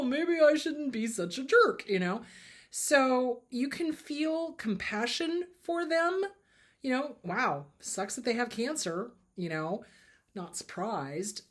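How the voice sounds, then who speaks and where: A woman's voice: mid-range voice, fairly bright tone. A woman hosting a casual advice talk as a therapist, answering viewer questions in a blunt, emphatic way and repeating her advice firmly. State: slightly choked up, clearing throat.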